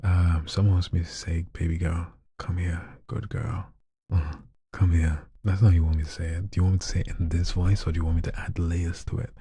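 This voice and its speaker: A man chatting casually on a live stream, soft-spoken and shy, often slipping into whispers. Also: deep voice, level tone, fast talker, few pauses, breathy edge, no room sound. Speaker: live streamer and hobby voice artist.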